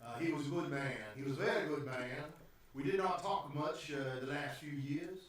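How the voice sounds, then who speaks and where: A man voicing a big, gray-haired older baron with a Southern drawl, speaking slowly and courteously with many pauses. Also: fairly high pitch, animated, roomy sound, distant mic, heavy background noise, close to an everyday voice. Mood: condescending. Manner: slow, courteous, halting speech.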